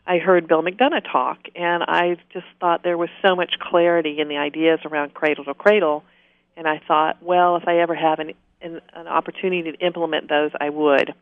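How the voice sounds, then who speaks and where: A woman's voice: low-pitched, little pitch movement, brisk, dry recording. A woman with a slight Southern US accent, a talkative and friendly radio interview guest. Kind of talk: conversational interview. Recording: dull, lo-fi, dry.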